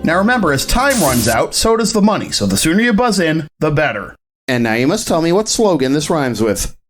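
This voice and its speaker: A man voicing a brash, foul-mouthed quiz game host from Boston who blusters, swears and takes offense quickly. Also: a little high, very animated, faint music behind. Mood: hostile.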